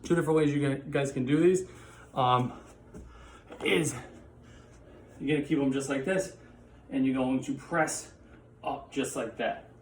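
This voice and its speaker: A man's voice: mid-range voice, a little slow, long pauses, echoey room, a little hiss or hum. A man teaching a physical education class, coaching exercises while working out himself and often out of breath. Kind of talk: home workout class.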